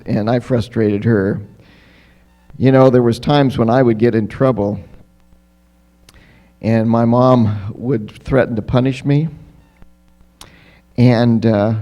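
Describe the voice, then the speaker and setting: Pastor guy telling the kids a story at church, lively, keeps asking them stuff, middle pitch. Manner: lively, asks the children frequent questions. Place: church sanctuary.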